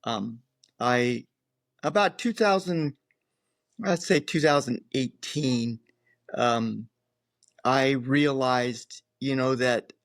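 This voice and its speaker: Older male guest, casual storyteller, lively voice, recorded dry. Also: medium pitch, no echo. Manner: rambling, animated, acts out others' lines. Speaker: guest, professional angler.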